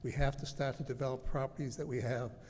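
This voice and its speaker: A man's voice: mid-range voice, level tone, quick pace, a little mellow. A man serving as town selectman, making an earnest, persuasive speech from the floor of a public meeting. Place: large town meeting hall. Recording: echoey hall, faint room noise.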